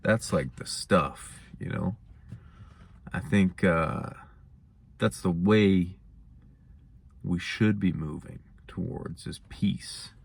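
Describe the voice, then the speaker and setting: A man's voice: deep voice, takes it slowly, vocal fry, long pauses, breathy edge. A young man hosting his own show, musing in a laid-back, rambling way. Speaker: host. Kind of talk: casual monologue.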